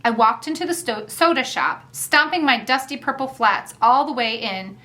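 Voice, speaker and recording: A woman's voice: a little high, normal speed, bright, forceful tone. A woman narrating a first-person audiobook in a wry, chatty manner.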